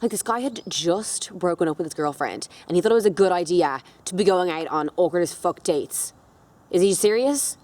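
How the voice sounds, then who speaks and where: A woman's voice: on the low side, lively intonation, normal speed, a little mellow. Chatty young woman telling a story. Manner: chatty, lots of fillers, swears casually. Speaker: beauty vlogger. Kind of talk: casual storytime.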